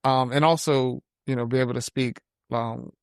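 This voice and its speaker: A man in his forties co-hosting a podcast in casual chat. He speaks earnestly and haltingly, restarting often and laughing easily. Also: mid-range voice, fairly even intonation, creaky, clear, resonant tone, no echo, studio quality. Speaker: podcast co-host.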